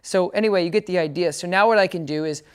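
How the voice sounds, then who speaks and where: A man teaching dog training in a relaxed demonstration. He explains each step casually and often checks in with the listener. His short commands to the dog come out bright and encouraging. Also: sits high, quick pace, smooth. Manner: chatty, keeps checking understanding. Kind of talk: casual hands-on training demo.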